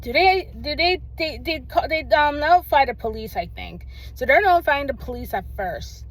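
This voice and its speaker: A woman's voice: high voice, animated, normal speed, fairly bright tone, poor audio. Young woman ranting angrily. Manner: heated, swearing, emphatic. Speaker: vlogger reacting to a documentary. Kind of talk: casual angry rant.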